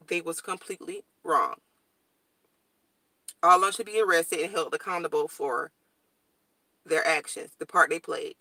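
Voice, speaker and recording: Blunt, bright-voiced young woman vlogger. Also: fairly low pitch, dry recording. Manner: blunt, straightforward, animated storytelling. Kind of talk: casual morning chat to viewers.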